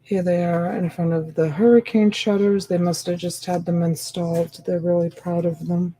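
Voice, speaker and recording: A woman's voice: lowish voice, flat delivery, normal speed, dark tone, poor audio. A woman hosting a live-stream sale, chatting casually and rambling as she comments, sleepy and yawning.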